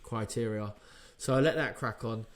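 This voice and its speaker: Man telling lively boxing stories. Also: fairly low pitch, moderate pace. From England. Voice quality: animated, laughs while telling stories, swears freely. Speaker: podcast co-host, former boxer. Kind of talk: casual storytelling chat.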